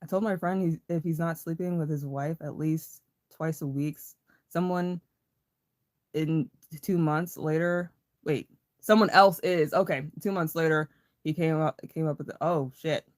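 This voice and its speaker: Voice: mid-range voice, fairly even intonation, unhurried. Livestream host, casual rambling chat, heavy swearing, playful, greets viewers by name. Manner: playful, laughs often.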